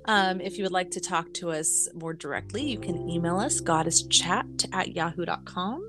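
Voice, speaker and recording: A woman co-hosting a podcast in casual chat, laughing often and filling pauses. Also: on the low side, over music. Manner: giggly, chatty, lots of fillers. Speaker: podcast co-host. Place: in California.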